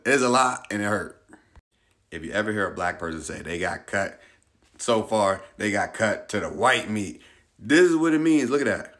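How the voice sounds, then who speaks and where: American vlogger guy laughing at himself, gravelly voice, all over the place pitch-wise. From United States. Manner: animated, self-mocking, laughing at his own mishap. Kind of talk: comedic storytelling vlog.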